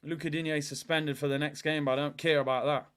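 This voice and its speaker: A young man calls a football match live as a fan, talking in slang and erupting into shouts at the players. His voice sits high and bright, with a forceful edge. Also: little pitch movement, fairly quick, smooth. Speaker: fan watchalong host. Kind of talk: live football watchalong commentary.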